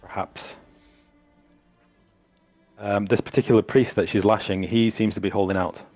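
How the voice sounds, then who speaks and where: Low-voiced man narrating as game master. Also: steady tone, a little mellow, no echo, soft background music. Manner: descriptive, halting with many fillers.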